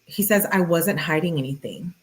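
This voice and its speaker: A woman with a fairly low voice reads out a string of text messages, one line after another. She talks in a casual, conversational way and drops plenty of "like" as she comments. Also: normal speed, rough recording. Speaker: channel host.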